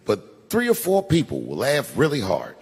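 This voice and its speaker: Animated man doing live stand-up. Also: medium pitch, moderate pace. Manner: animated storytelling with punchlines. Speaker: stand-up comedian. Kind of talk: stand-up comedy set. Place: large live venue. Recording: roomy live hall with crowd ambience.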